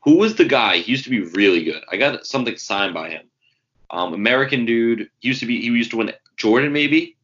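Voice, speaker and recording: Co-hosting a casual sports podcast, a man tells rambling stories full of fillers and swearing. His medium-pitched voice is brisk and a bit bright, with lively intonation, and the recording has a dull lo-fi sound.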